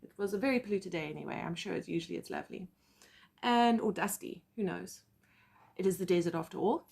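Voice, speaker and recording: A woman with a South African accent telling personal stories as a psychic medium, animated and acting out quotes. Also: fairly low pitch, quick pace, creaky, slightly rough. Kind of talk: casual storytelling vlog.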